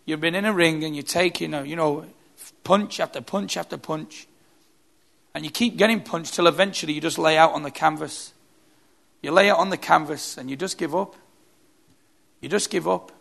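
Male preacher, gravelly, slightly high voice, emphatic repeating sermon style. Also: moderate pace, pauses often, a bit bright.

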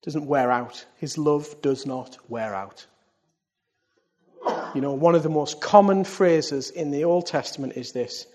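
A man preaching to his congregation with a fairly high voice. He swings from loud, rising calls to quiet, hushed asides, and he keeps throwing questions out to the room. The delivery is lively and direct. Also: a little slow. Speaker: pastor. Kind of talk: sermon. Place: church service.

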